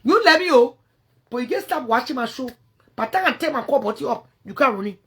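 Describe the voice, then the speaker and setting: A woman with a Liberian English accent rants angrily at someone on a phone livestream, with lively intonation and a quick pace. Confrontational and swearing, she drops into low mutters and then bursts out loudly.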